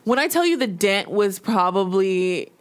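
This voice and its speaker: A woman's voice: medium pitch, a little slow. A young woman co-hosting a podcast in casual chat. She swears freely and acts out the lines of the people in her stories. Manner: animated storytelling, swearing, acting out quotes. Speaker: podcast co-host.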